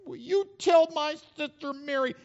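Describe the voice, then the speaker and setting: A man voicing a frazzled, overworked woman who complains loudly about doing all the kitchen work, with a dull sound in a reverberant hall. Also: moderate pace. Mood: exasperated. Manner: shrill, exasperated, loud pleading.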